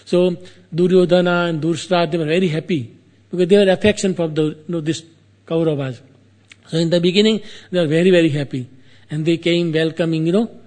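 Man, storyteller, slightly high voice, casual retelling, halting repeated phrases, asides to the listener. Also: steady tone, darkish tone. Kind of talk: casual retelling of an epic tale.

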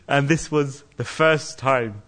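Man lecturer, fairly high voice, animated storyteller, repeats for emphasis. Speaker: religious lecturer. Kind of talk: storytelling scripture class.

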